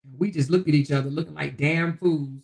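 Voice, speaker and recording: Gravelly-voiced woman hosting a folksy livestream. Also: deep voice, fairly even intonation, fast talker, darkish tone. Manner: folksy, calls listeners baby and honey, chuckles often. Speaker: livestream host. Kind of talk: casual livestream chat reading viewer comments.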